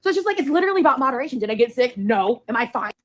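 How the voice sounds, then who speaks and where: A woman's voice: high-pitched, very animated, racing, a little hiss or hum. Woman vlogger, casual rambling storyteller, many ums. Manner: rambling, lots of fillers.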